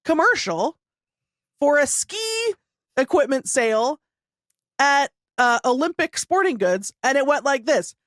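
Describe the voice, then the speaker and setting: High, lively woman podcast co-host. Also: no room sound, clean studio sound. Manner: quick agreeing interjections, animated. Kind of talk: casual chat.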